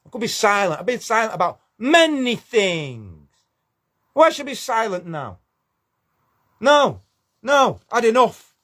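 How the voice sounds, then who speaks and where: A man's voice: very high-pitched, very animated, slow pace, pauses often, fairly bright tone. A man ranting angrily to camera, swearing and confrontational. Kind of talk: angry video rant.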